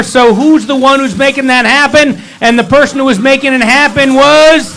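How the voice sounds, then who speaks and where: A man's voice: extremely high pitch, steady tone, moderate pace, pushed and bright, rough recording. A man leading a service, telling a holiday story with humor and playful asides in a sanctuary. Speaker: service leader.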